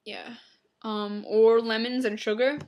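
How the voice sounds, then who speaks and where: A young woman vlogger from Long Island reads out viewer questions and answers them in a blunt, flippant way. Her voice sits a little high for a woman, and she throws in quick offhand asides. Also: little pitch movement, a little mellow, lo-fi sound. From Long Island, New York. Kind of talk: casual Q and A vlog.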